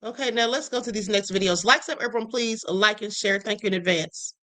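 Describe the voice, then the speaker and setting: Sassy woman streamer, bright voice, real blunt, talking over clips. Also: medium pitch, a little fast. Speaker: livestream host. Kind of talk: casual commentary on clips.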